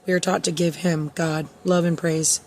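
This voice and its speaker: A soft-spoken woman gives a casual spiritual tarot reading, reassuring and full of fillers. Her pitch stays fairly flat and even. A faint background hiss sits under the voice. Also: normal speed. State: emotional, near tears. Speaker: tarot reader.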